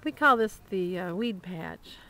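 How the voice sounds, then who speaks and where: A woman's voice: lowish voice, lively intonation, unhurried, bright, forceful tone, a little hiss or hum. A woman giving a casual, rambling tour of her homestead outdoors, with plenty of fillers and small laughs, recorded on a handheld camera mic. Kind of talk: casual walk-through narration. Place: outdoors on a small farm, among barns and animals.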